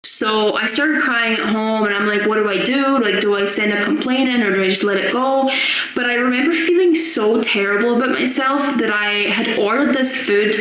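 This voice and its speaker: A woman's voice: a little high, moderate pace, fairly bright tone. A young woman earnestly telling a personal story with strong feeling. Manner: earnest, emotional recounting. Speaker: guest sharing a story. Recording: very echoey room with faint noise.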